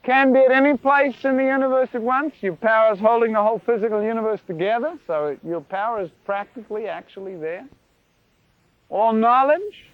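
A man preaching a sermon in an animated, playful way, with sound effects, in a lo-fi recording. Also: extremely high pitch, brisk, dry recording.

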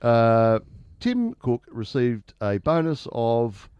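A man's voice: medium pitch, sing-song, slow, a little mellow, clean tone, no room sound, lo-fi sound. A man co-hosting a radio show, chatting casually, laughing often and stumbling into his stories. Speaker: radio co-host.

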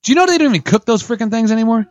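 A man's voice: extremely high pitch, animated, very fast, no room sound. A man hosting a podcast in a studio, talking in a loose, profane, rambling way. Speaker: podcast host. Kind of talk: casual podcast chat.

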